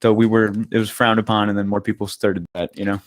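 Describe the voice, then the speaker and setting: A man's voice: lowish voice, level tone, quick pace. A young man co-hosting a casual podcast, laid-back and loose, swearing freely as he chats. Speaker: podcast co-host. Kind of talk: casual chat.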